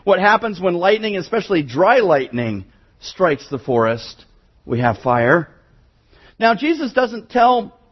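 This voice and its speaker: A middle-aged man preaching a sermon in a conversational way, often repeating words and restarting, and slowing down to read scripture. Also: high voice, muffled recording. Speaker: pastor.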